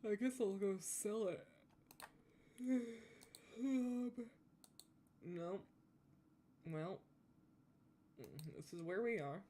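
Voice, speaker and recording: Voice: mid-range voice, drawn-out words, pauses often, warm tone, slight background noise. A young adult with a Southern US accent, chatting casually while playing a game and rambling with lots of restarts. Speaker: gaming YouTuber. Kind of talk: casual chat while gaming.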